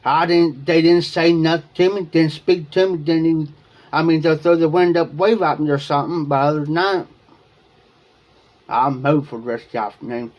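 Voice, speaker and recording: Here an Ohio man hosts a livestream, wandering through a lengthy personal anecdote for viewers with repetition and quoted speech. His voice is on the high side and a little mellow, with fairly even intonation and a moderate pace, and the highs are cut off.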